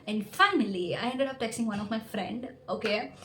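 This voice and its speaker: A woman's voice: fairly high pitch, moderate pace, reverberant. A young woman vlogger telling a personal story in a casual way, acting out the voices of people she quotes. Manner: animated, acts out quoted dialogue.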